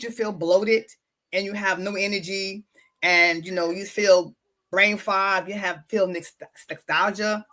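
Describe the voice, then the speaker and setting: A woman's voice: medium pitch, sharp tone. A woman podcast host and wellness coach talking casually and emphatically, often repeating her words and speaking straight to her listeners. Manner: repetitive, emphatic, addresses listeners directly. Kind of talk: casual motivational talk.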